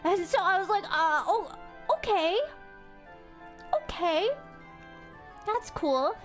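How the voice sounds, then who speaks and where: A woman's voice: very high voice, slow pace, faint music behind. A woman VTuber chatting casually on stream, telling a story with lots of laughter and stumbling restarts. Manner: animated storytelling with frequent laughter; self-repeating, stumbling restarts.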